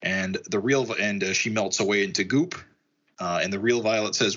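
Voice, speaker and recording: A man's voice: lowish voice, fairly bright tone, muffled recording. Casual man reading a comic aloud. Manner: reads character lines in a slightly raised, halting voice.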